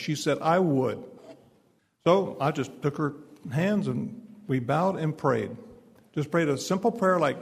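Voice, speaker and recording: A man's voice: fairly high pitch, lively intonation, a little slow, creaky, in a large hall. A man preaching at a speaking event, telling a story with quoted dialogue and building to emphatic declarations. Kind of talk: speech at a fundraising event.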